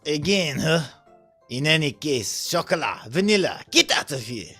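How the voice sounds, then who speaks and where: A man's voice: fairly high pitch, big pitch swings, normal speed, sharp tone, husky, faint music behind, exaggerated voice. Man reading as an exasperated young master. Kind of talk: reading visual novel dialogue and narration.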